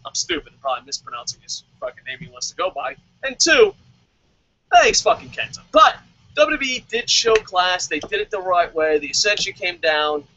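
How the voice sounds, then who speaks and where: A man hosting a wrestling review show, ranting loudly with constant swearing and mocking voices. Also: high-pitched, no echo, lo-fi sound. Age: adult, calls himself old. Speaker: wrestling vlog host. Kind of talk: profane comedic rant. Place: lives in Tokyo.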